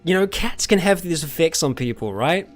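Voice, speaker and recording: Faint music plays behind this British host as he takes chat questions during a casual live-stream Q&A. His slightly high voice moves at a moderate pace, and he rambles easily, chuckling often.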